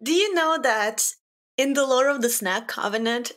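A woman's voice: a little high, lively intonation, moderate pace, a bit bright. A woman hosting a casual podcast, politely prompting her guest with questions and thanking him often. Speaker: podcast host asking questions. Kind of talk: casual interview chat.

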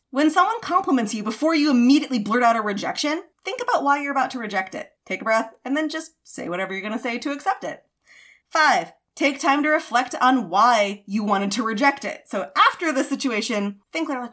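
A woman in her thirties talks through advice on a casual podcast. Her voice sits a little high, and she is chatty, with lots of fillers and playful acted-out quotes. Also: fairly bright tone. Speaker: podcast co-host.

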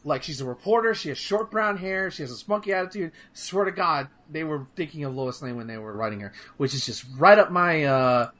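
A man streaming games, chatting casually in an animated, profane, rambling way with many restarts. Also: on the high side, a little fast, few pauses. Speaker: streamer discussing a game. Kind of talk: casual chat.

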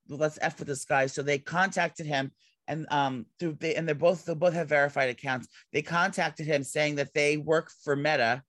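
A man's voice: fairly high pitch, a bit bright, no room sound. A man co-hosting a podcast in casual chat, rambling with lots of fillers and restarts. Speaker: podcast co-host.

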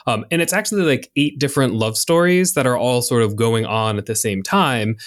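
A man's voice: mid-range voice, brisk. A young man co-hosting a podcast in casual chat, talking in a chatty, jokey way with plenty of fillers. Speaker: podcast co-host.

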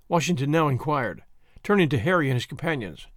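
A man's voice: mid-range voice, animated, a little fast, dry recording, studio quality. A man narrating a period story in scripted audiobook style, voicing each character as he goes.

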